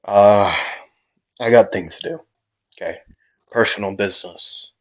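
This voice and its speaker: A cocky young hero talks in a low, unhurried, dismissive voice, as a man reads him out. The recording is muffled and lo-fi. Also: lightly acted. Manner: dismissive, matter-of-fact. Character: calm, cocky young male hero, self-assured.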